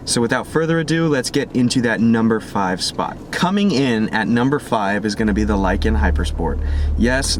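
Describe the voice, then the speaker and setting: A man's voice: lowish voice, background noise. A young man hosting a car vlog, counting down his picks in a casual, blunt and opinionated way. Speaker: car channel host.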